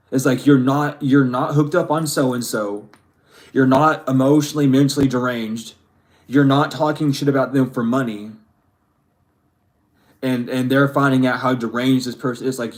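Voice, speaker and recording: A man giving a spiritual reading to his viewers, ranting emphatically and swearing freely. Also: medium pitch. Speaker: tarot reader.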